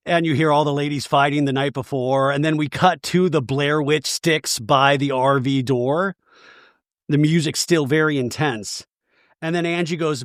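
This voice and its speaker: A man with a slightly high voice hosts a comedic podcast recap, talking in an animated, wry way. He is recorded very dry and close, with no room sound at all. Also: normal speed, no room sound. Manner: animated, does high-pitched mocking impressions of cast members. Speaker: podcast host recapping a reality show.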